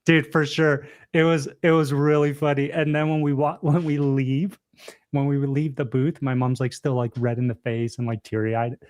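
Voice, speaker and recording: A young man co-hosting a podcast livestream, telling stories in an animated, casual way full of fillers and laughs. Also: medium pitch, normal speed. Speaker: podcast co-host.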